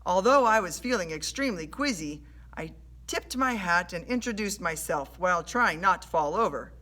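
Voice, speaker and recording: A woman reading a children's adventure story aloud in an animated storytelling way. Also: on the low side, moderate pace. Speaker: storybook reader.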